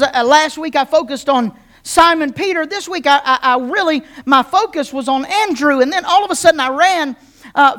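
High-voiced woman preaching a playful sermon. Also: a bit bright. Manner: playful, joking storyteller. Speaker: pastor.

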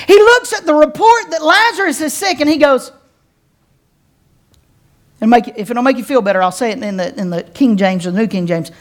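High-voiced woman preaching with dramatic pauses. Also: animated. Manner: dramatic preaching with slow emphatic pauses, addressing the congregation directly; folksy and playful, with casual slang. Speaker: pastor. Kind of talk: sermon.

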